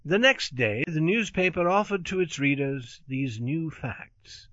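Man, scripted story narration, crisp bright tone, fairly high pitch, dry booth. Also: dry recording. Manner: measured, expressive storytelling. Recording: dull, lo-fi dry recording.

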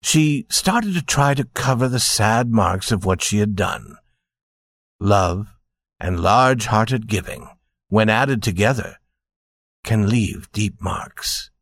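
Slow, deep-voiced male storyteller. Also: lively intonation, no echo. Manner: gentle, addresses listeners directly. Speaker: narrator.

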